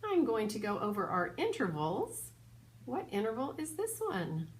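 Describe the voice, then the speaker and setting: A woman teaching a children's piano lesson, patient and clear, now and then singing solfege syllables. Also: fairly high pitch, wildly swooping pitch, moderate pace. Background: piano playing.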